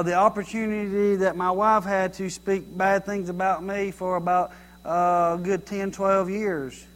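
A middle-aged man preaches with a high, lively voice. He talks in a folksy, animated way and pokes fun at common sayings. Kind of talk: sermon.

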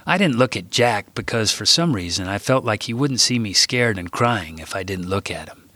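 A man reading his own book aloud in a measured, unhurried storytelling manner. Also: lowish voice, lively intonation, sharp tone, no room sound. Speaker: author. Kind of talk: audiobook reading.

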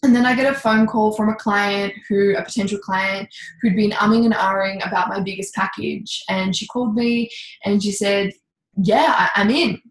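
A woman coach telling a candid personal story in a casual, lively way, with mild swearing. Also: mid-range voice, moderate pace, roomy sound, rough recording. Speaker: intuitive coach, podcast guest.

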